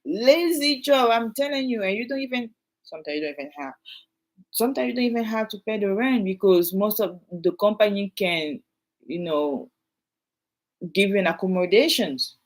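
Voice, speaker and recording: A woman in her thirties with a French accent, talking straight to her viewers in a casual vlog. She is emphatic and animated, repeating her points and asking the audience questions over and over. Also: medium pitch, moderate pace. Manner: animated, repetitive, emphatic, addresses viewers directly. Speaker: realtor. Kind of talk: casual vlog talk to camera.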